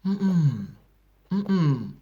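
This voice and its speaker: A young man with a Nigerian accent preaching a sermon, earnest and repetitive, sometimes dropping to a hushed whisper. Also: a little high, very animated, extremely slow, lo-fi sound, slight background noise. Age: young adult.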